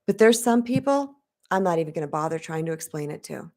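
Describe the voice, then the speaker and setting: A woman's voice: low voice, expressive, brisk, darkish tone. Frank straight-talking woman coach. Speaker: relationship coach. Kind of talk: casual direct-to-camera talk.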